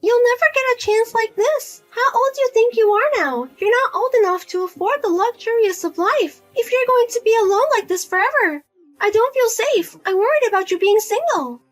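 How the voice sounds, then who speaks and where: A woman's voice: very high-pitched, animated, normal speed, soft background music. A woman voicing a whiny, nagging older mother. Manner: nagging, whiny, guilt-tripping. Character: spendthrift widowed mother, pushy and self-pitying. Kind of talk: narrated drama story.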